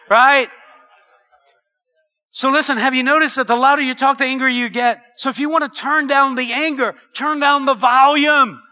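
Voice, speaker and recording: A middle-aged man preaching a sermon, animated and calling the congregation for amens, laughing at his own jokes. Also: very high-pitched, clear, resonant tone. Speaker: pastor.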